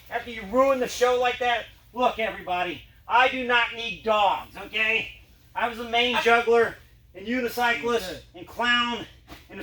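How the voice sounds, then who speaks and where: Playful man performer, high voice. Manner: playful, animated, chatty with his dogs. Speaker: juggler and dog trick performer. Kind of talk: storytelling to an audience during a show. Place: performance space. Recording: echoey room from far off, noisy.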